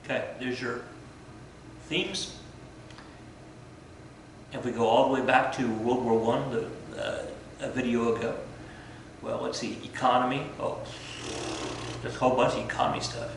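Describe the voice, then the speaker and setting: A man's voice: mid-range voice, flat delivery, moderate pace, noisy background. Rambling male teacher in an echoey room. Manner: rambling, frequent self-corrections and fillers. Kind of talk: casual classroom lecture. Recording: very echoey room, from far off the mic.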